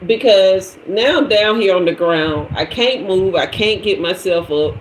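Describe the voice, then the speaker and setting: A woman's voice: medium pitch, measured pace, reverberant, a little hiss or hum, poor audio. A woman hosting a live stream, telling a story to her viewers in a casual, slangy way and laughing as she goes. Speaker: tarot live stream host.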